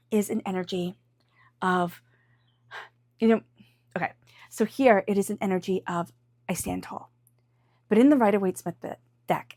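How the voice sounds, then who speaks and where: Woman, tarot reader, earnest chatty delivery, even middle pitch, dry close sound. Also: no room sound. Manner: chatty and earnest, with frequent "like" and "right?". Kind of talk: intuitive tarot reading.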